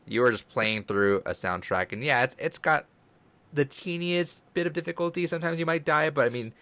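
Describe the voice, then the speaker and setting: A man's voice: on the high side, expressive, fairly quick, sharp tone, dry recording. A man co-hosting a casual gaming podcast, talking with rambling enthusiasm and swearing freely. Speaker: podcast co-host.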